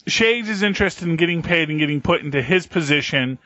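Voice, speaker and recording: A man's voice: on the high side, expressive, a little fast, bright, forceful tone, no echo. A man co-hosting a podcast in casual chat, rambling with many fillers and restarts. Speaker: podcast co-host. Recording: dull lo-fi podcast audio, dry.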